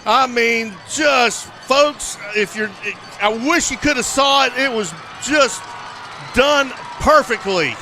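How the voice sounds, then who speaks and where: A man's voice: very high voice, slow pace, sharp tone, some chatter behind, slight background noise. A man as color analyst at a live football game, exclaiming with enthusiasm and talking to the folks at home. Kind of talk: live sports commentary.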